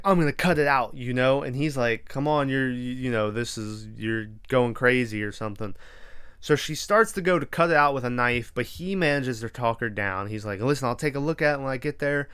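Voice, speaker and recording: A man's voice: mid-range voice, fairly bright tone, clear, resonant tone, dry recording, clean studio sound. A man hosting a podcast, casually retelling a horror film with lots of swearing and quoted reactions. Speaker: podcast host. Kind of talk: casual movie recap.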